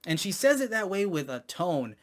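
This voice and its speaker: A man's voice: high-pitched, big pitch swings, moderate pace. A man giving a casual spoken movie review, hesitant, with many ums and restarts.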